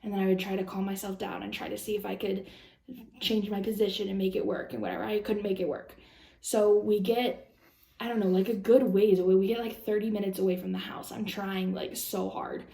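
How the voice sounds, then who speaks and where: A young woman rambles through a personal story for her vlog, full of fillers and restarts. Her voice has a gravelly fry and a mellow, darker tone. The room around her sounds echoey. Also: medium pitch, little pitch movement, brisk. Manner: rambling, lots of "like" and "um", anxious retelling. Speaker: vlogger.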